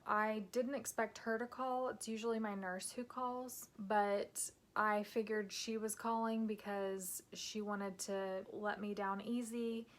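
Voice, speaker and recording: Candid woman telling a personal story. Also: mid-range voice. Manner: candid and emotional, with some soft hushed passages. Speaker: vlogger.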